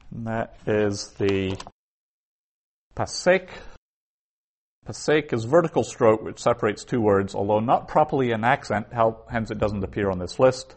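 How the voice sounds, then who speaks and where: A man teaching a class, explaining reading points patiently and methodically, with small restarts. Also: mid-range voice.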